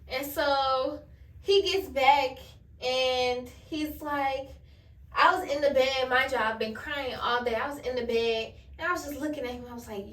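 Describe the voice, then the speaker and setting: A woman's voice: sits high, unhurried, a bit bright, distant mic. A young woman vlogger, telling a candid storytime full of slang and swearing while she does her hair. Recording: echoey room, voice a bit off-mic.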